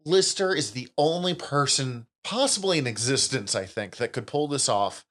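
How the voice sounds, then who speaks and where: A man co-hosting a casual podcast, animated and laughing often, with casual swearing. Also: a little high, moderate pace, few pauses. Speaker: podcast co-host.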